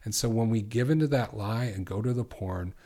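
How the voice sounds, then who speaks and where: A middle-aged man hosting a podcast as a recovery coach, asking earnest questions and slowing down to repeat affirmations. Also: lowish voice, mellow. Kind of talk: coaching monologue.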